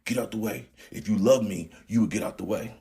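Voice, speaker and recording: A controlling, angry middle-aged father snaps out commands, as a man imitates him while telling the story. The voice is pitched above the storyteller's own and keeps a husky grain. Every line comes out as a bossy demand. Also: brisk, mellow. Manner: barking, bossy.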